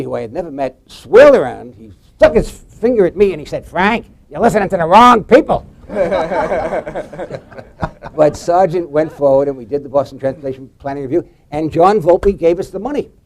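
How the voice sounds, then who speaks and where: A man's voice: dark tone, poor audio. A man on a forum panel telling a long political anecdote, acting out quoted lines. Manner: anecdotal, voices quotes with pitch jumps.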